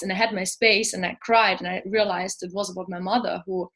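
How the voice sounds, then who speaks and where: Brief: woman host, effusive, flat steady pitch, casual interview talk. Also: fast talker. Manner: effusive, emotional sharing.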